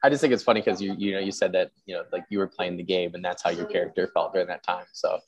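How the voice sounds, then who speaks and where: A man hosting a casual podcast chat, rambling and filling pauses with quick agreement. His voice is very deep. He talks at a rapid clip. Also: fairly even intonation, highs cut off. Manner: rapid, repeats "yeah", rambling. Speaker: podcast host.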